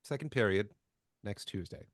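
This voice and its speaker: A man's voice: on the low side, moderate pace, dry recording, lightly acted. A man impersonating an older male chorus teacher with a put-on Mid-Atlantic accent, grand and theatrical. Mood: insistent.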